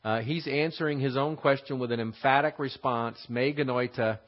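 A man teaching a verse-by-verse Bible lesson, explaining and rephrasing scripture in an unhurried classroom manner. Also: medium pitch, steady tone. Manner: explanatory, rephrasing verses, frequent fillers and restarts. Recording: slightly dull lo-fi recording.

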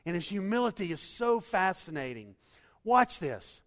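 A man preaching a sermon, animated, acting out quotes and swinging between loud and soft. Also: fairly high pitch, moderate pace. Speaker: pastor. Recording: hall reverb.

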